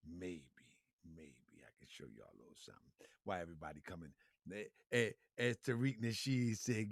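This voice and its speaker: A man's voice: medium pitch, very animated, a little slow, gravelly, a bit bright, no echo, studio quality. A man hosting a live stream, talking loosely to his viewers with frequent laughs, repeated phrases and calls of fam. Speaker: livestream show host. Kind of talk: casual livestream talk to viewers.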